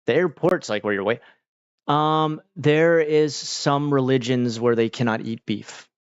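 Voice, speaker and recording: A man hosting a casual livestream, talking to chat in a relaxed, rambling way with many fillers. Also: medium pitch, measured pace, smooth, no room sound. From United States. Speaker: livestream host. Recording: dull, dry mic sound.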